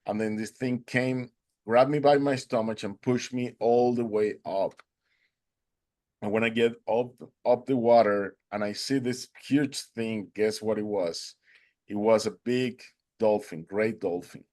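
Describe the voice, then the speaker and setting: A man's voice: fairly low pitch, steady tone, unhurried, darkish tone. A man whose first language is Spanish, earnestly telling a personal story as an interview guest, with non-native English phrasing. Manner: acts out quoted dialogue in a raised voice.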